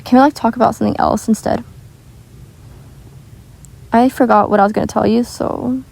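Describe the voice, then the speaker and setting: A teenage girl vlogging about gaming rambles casually at a normal speed, using lots of "like" and frequent restarts. Her fairly high voice is gravelly yet a little mellow, with fairly even intonation, and the recording from her home microphone is rough.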